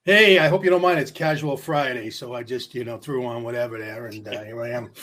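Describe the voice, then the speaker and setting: A man's voice: mid-range voice, brisk, few pauses, sharp tone. A man co-hosting a podcast, trading teasing wisecracks with the others. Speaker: regular co-host. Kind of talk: casual banter.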